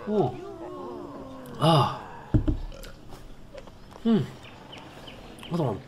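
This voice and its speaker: A man casually commentating on his own gameplay, excitable and rambling, chatting to his viewers as a let's play host. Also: medium pitch, unhurried, long pauses, background noise. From Britain.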